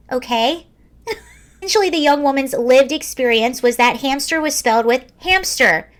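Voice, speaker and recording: A woman's voice: high voice, fairly bright tone. A woman in her early forties hosting a casual video, reading a story aloud with wry, sarcastic commentary. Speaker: video host.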